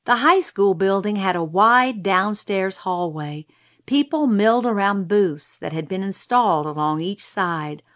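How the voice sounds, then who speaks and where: A woman reading a first-person novel aloud in a measured storytelling manner. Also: mid-range voice, a bit bright. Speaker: audiobook narrator. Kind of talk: scripted first-person narration.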